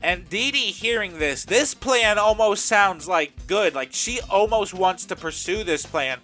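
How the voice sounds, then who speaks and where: A man's voice: sits high, moderate pace, few pauses, faint music behind. A man casually narrating a simulated game show in a chatty, storytelling way. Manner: chatty, lively storytelling with fillers.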